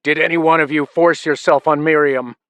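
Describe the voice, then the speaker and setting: A man voicing a ruthless patriarch of a crime family who delivers slow, shouted threats. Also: a little high, fairly even intonation, smooth, no echo, pitched above the performer's own voice. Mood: furious menace.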